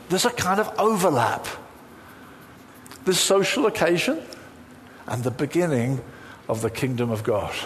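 A man preaching a sermon in an animated, humorous way, acting out the lines he quotes. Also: mid-range voice, in a large hall, slight background noise.

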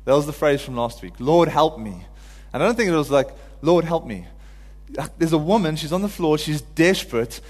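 Man, preacher, slightly high voice, earnest and heartfelt, long hall reverb. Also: animated, a little fast, darkish tone. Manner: earnest, builds to pleading cries when quoting. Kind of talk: informal sermon.

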